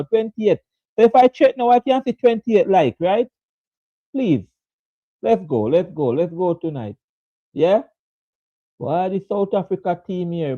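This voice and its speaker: Animated man hosting live cricket chat. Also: high voice, no room sound. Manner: animated, laughing often, repeats phrases. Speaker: sports show host. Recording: dull, dry lo-fi sound.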